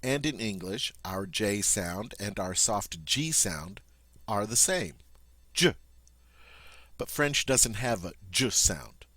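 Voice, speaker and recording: A man's voice: on the low side, animated, slow, bright, forceful tone, no echo. A man giving a French pronunciation lesson, patiently explaining and demonstrating each sound. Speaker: French teacher. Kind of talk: language lesson.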